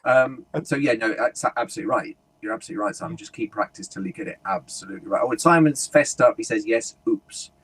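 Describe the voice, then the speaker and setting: A man's voice: fairly low pitch, quick pace, hardly any pauses, fairly bright tone, slight background noise. A man being interviewed as a guest speaker, telling stories animatedly and acting out little quoted asides. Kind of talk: conversational interview.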